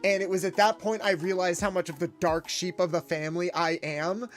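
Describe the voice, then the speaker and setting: Chatty male streamer, fairly high voice. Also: brisk, faint music behind. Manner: chatty, animated, in-character garage mechanic patter. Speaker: VTuber streamer. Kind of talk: casual livestream chat.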